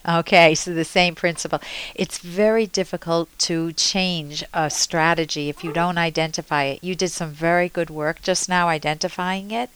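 A woman hosts a call-in advice program, speaking as a therapist with a smooth, resonant voice. She coaches her caller and acts out sample exchanges for him. Her voice sounds close and dry, with no room around it. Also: lowish voice, fairly even intonation, normal speed, few pauses, fairly bright tone, no echo, poor audio. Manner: coaching, role-plays dialogue with caller. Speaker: radio advice host and therapist.

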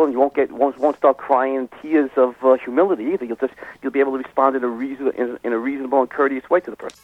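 A man gives advice over a tinny, narrow phone line, in a voice of middling pitch. He speaks haltingly, often restarting words and filling pauses with "uh". The line sounds dry and close. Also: no echo. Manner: halting, repeats words and fills with uh. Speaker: guest expert. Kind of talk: advice call-in talk.

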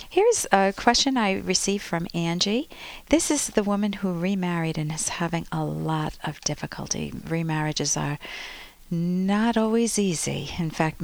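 Woman, radio advice host, low pitch, dry close sound, chatty expressive storytelling. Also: vocal fry, dry recording. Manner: chatty, expressive storytelling with sudden upbeat rises. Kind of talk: radio call-in advice monologue. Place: radio studio.

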